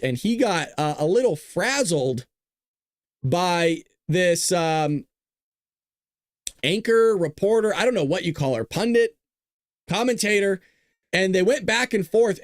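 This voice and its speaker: Casting note: male political host, scornful rant, slightly high voice, dry close sound. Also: dry recording. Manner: blunt, scornful ranting. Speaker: show host. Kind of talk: political commentary.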